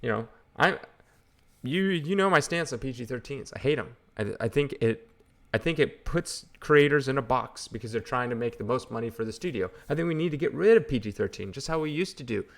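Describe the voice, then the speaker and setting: Gravelly-voiced man ranting sarcastically. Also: medium pitch, lively intonation, a little fast, a bit bright. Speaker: comic book channel host. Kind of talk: casual ranting commentary.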